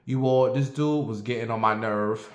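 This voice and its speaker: A man telling a story in a casual monologue to his viewers, animated and profane, addressing them directly. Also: medium pitch, normal speed, echoey room.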